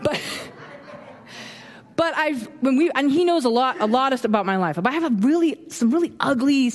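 A woman in her thirties giving a casual, animated sermon, acting out quoted reactions with a bit of humor. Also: high-pitched, moderate pace. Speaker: preacher. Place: church sanctuary. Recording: long hall reverb.

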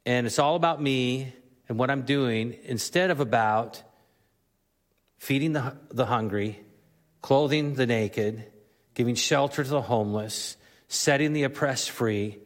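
A man's voice: medium pitch, big-room sound. A man preaching a sermon as the pastor, earnest and rising to emphatic exhortation. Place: church sanctuary.

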